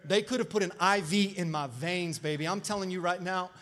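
A high-voiced pastor from Florida preaching to his congregation in a church. He talks in an animated, playful way, swinging between loud calls for the crowd to answer back and quieter asides. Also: a little fast. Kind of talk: lively sermon. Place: church sanctuary.

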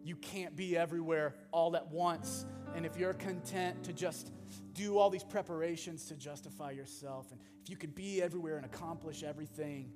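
A male pastor preaching a sermon, animated, swinging from loud bursts to hushed asides. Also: a little high, moderate pace. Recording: long hall reverb with music behind.

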